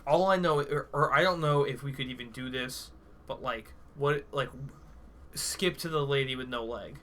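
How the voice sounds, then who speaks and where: A man's voice: mid-range voice, moderate pace, fairly bright tone. A man co-hosting a casual podcast, rambling with lots of fillers and crude jokes. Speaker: podcast co-host. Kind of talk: casual chat.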